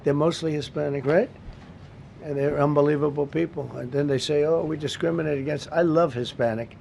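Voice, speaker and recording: A man's voice: a little high, fairly even intonation, fairly quick, vocal fry, darkish tone, muffled recording, slight background noise. A man in his seventies giving off-the-cuff remarks at a press briefing in a government briefing room, blunt and repetitive, with rambling asides, into a podium microphone. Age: 70s.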